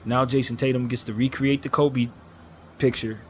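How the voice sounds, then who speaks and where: A man's voice: mid-range voice, fairly even intonation, moderate pace, a little hiss or hum. A man ranting as a sports fan commentator, blunt and frustrated, hammering his points with repetition.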